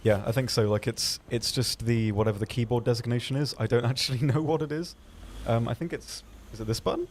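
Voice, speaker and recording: A man's voice: medium pitch, steady tone, fast, slight background noise. Laid-back, dry-humored male co-host. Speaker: stream co-host. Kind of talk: live gameplay stream commentary.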